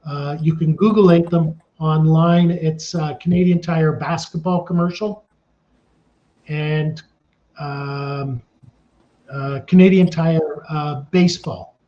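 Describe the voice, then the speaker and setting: High-voiced man in his sixties telling stories. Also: slow. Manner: animated, acts out the scenes he describes. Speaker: casting director. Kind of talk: storytelling in an interview. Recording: dull lo-fi sound.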